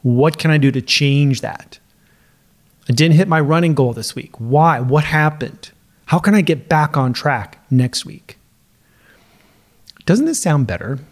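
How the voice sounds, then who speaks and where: A man's voice: fairly high pitch, unhurried, pauses often. Upbeat, chatty male podcast coach. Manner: conversational, chatty, laughs now and then. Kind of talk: casual solo podcast talk.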